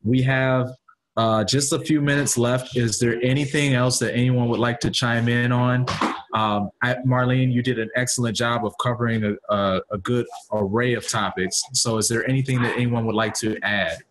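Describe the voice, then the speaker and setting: A man's voice: mid-range voice, fairly even intonation, normal speed, a little hiss or hum, low-quality recording. A man hosting a team video call, thanking a speaker and restarting his words as he goes. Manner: warmly thankful, repeats words as he talks. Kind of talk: casual video call chat.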